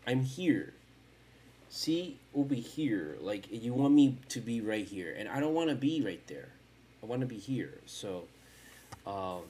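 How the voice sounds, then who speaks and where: A man hosts a casual solo podcast from home, talking into a desk mic while streaming. He rambles and swears freely, mocking himself as he goes. His pitch swings widely, from low mutters up to sing-song chants. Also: slight background noise. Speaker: podcast host. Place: at home in front of a camera.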